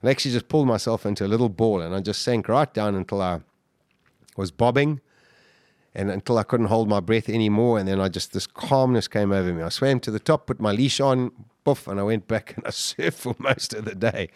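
A man telling his survival story as a podcast guest, intense and halting, with many restarts. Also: lowish voice, no echo, studio quality. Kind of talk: emotional storytelling interview.

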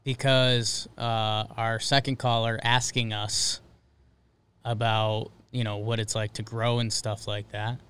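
A man's voice: lowish voice, level tone, slow pace, fairly bright tone, clean tone. A man co-hosting a casual sports podcast, rambling with fillers and restarts. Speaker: podcast co-host.

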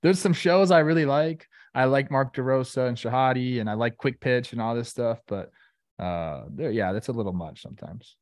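A man of average pitch co-hosts a baseball talk show in an animated, rambling, joking way. His voice is recorded dry and close. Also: moderate pace, dry recording. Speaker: baseball analyst and co-host.

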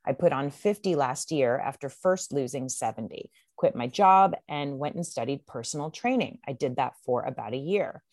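A woman co-hosting a podcast in casual chat, agreeable and quick to giggle, reading listener questions aloud. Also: rumbling low, lively intonation, darkish tone, no echo, clean studio sound. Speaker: podcast co-host.

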